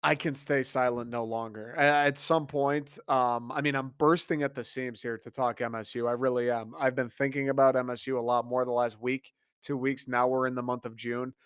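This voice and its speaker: Young male podcast host, mid-pitched, excitable and repetitive, dry close recording. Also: moderate pace, hardly any pauses, smooth, dry recording. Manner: fired-up, repetitive, swears casually. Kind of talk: casual sports podcast monologue.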